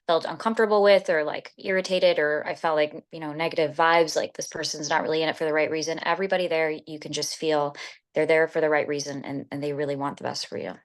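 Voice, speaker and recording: A woman's voice: low-pitched, fairly even intonation, quick pace. A woman giving a casual interview testimonial as a retreat guest, rambling with lots of fillers and restarts.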